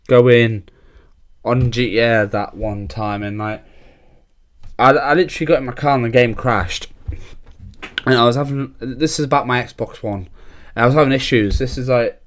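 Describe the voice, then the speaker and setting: A man's voice: medium pitch, smooth. A young man, talking casually and at length as a podcast host, swearing freely and laughing often.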